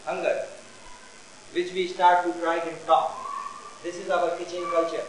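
A man teaching a lecture, explaining slowly and repeating each term twice. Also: sits high, flat delivery, slight background noise. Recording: echoey room.

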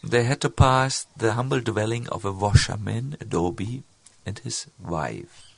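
A man telling a devotional story in a sermon, halting, with many fillers and restarts. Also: fairly low pitch, expressive, creaky, no room sound. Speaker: spiritual speaker.

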